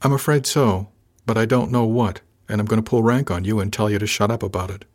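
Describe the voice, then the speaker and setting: A man reading the part of a blunt, sardonic woman officer, speaking flatly and a little higher than his own voice. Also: brisk, natural voice.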